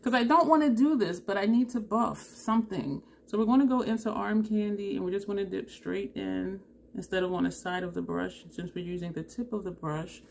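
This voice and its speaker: Mellow woman talking through makeup. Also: medium pitch, vocal fry, a little hiss or hum. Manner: thinks aloud, unhurried, self-correcting. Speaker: beauty vlogger. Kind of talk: makeup tutorial talk.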